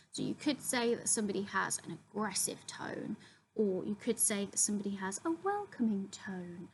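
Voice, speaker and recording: Young woman, drama teacher, bright tone, explaining step by step, faint background hiss. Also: medium pitch, rough recording. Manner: clear, steady teacher explaining terms with filler ums. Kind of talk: classroom explainer video.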